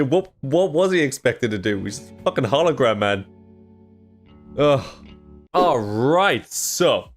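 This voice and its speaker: A young man hosting a reaction video, talking casually and excitably, swearing freely and laughing. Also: medium pitch.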